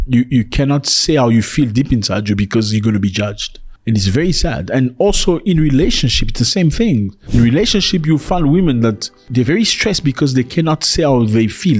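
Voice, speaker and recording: A man from Africa giving reaction commentary in an animated, joking way, his voice leaping high for emphasis.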